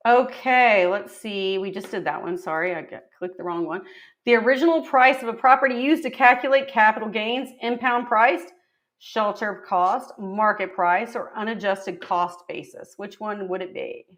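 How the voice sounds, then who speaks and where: A woman's voice: medium pitch, normal speed, fairly bright tone. Woman co-host quizzing webinar students. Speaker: real estate exam co-instructor. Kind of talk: live webinar teaching.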